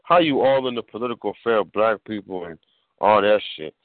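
A man with a lowish voice speaks bluntly and with emphasis, cursing as he makes his points. He comes through a dry, close, tinny phone line with no room sound. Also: fairly quick, no echo. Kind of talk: casual radio talk.

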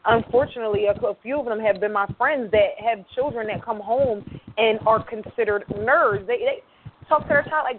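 A woman with a slightly high voice speaks earnestly in a casual radio conversation and tells stories with quoted dialogue. Her voice comes through a tinny phone line with faint noise behind it. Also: normal speed.

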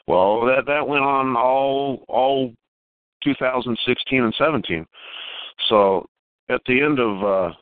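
A man calling in to tell a long personal story, halting and repeating words as he goes. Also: fairly low pitch, no echo. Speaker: caller telling a Bigfoot encounter. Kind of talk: casual storytelling on a call. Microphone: phone. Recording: tinny dry phone line.

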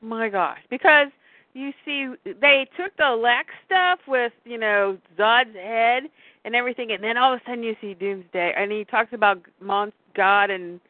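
A woman's voice: a little high, normal speed, dry recording. A woman chatting casually as a podcast co-host, rambling and breaking off mid-sentence, acting out quotes as she goes. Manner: rambling, self-interrupting, acts out quotes. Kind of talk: casual chat. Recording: tinny phone-like line.

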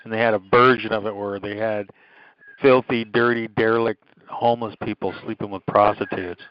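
A man's voice: on the low side, steady tone, moderate pace, highs cut off. A man in casual, crude podcast chat, telling rambling anecdotes full of profanity and quoted lines.

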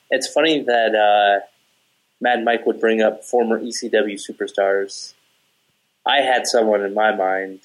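A man's voice: on the low side, poor audio. A man co-hosting a casual wrestling podcast who drawls through his turns and drops in wry asides. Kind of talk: casual chat.

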